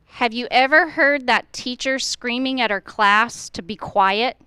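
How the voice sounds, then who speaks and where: A woman's voice: on the high side, measured pace, sharp tone, clean tone, no room sound, studio quality. A middle-aged woman, a school administrator, speaking earnestly to fellow educators at a staff meeting, firing off rhetorical questions and acting out how teachers should talk to students.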